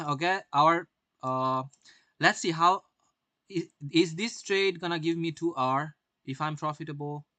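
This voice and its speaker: A man's voice: fairly high pitch, sharp tone, dry recording. Brash young man streaming trade commentary. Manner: brash, swears often, asks viewers rhetorical questions. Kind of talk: live-stream market commentary.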